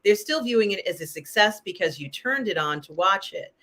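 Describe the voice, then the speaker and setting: A woman hosts a relaxed live-stream chat about pop culture. Her voice is bright and forward, and she talks in a chatty, rambling way, full of "um" and "you know". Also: medium pitch, brisk. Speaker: host.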